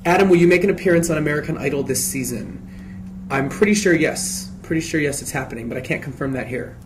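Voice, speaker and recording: A man in a casual live Q&A, reading fan questions aloud and answering in a chatty, expressive way, often restarting his sentences. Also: on the high side, fast, background noise.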